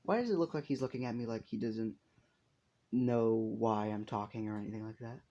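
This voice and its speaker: A man's voice: fairly low pitch, fairly quick, background noise, lightly acted. A man voicing a small, polite talking rat who is a school principal, explaining things patiently, on a dull lo-fi recording.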